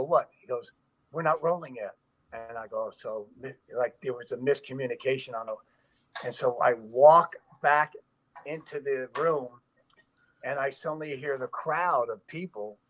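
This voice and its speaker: A stuntman telling a story in an interview, animated and loose, acting out quoted voices with frequent fillers. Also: medium pitch, low-quality recording. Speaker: stuntman, guest.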